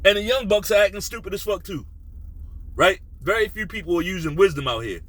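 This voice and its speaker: Blunt profane man ranting, bright voice. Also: a little fast, low-quality recording. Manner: blunt, profane, animated, drops to a low menacing tone. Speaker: sports commentary host. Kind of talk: casual opinion rant.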